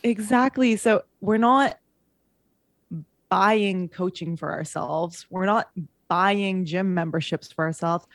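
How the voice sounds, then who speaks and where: A woman's voice: mid-range voice, takes it slowly, no echo, studio quality. A woman who works as a coach, talking in a casual podcast conversation, earnest and emphatic, making her points in repeated parallel phrases.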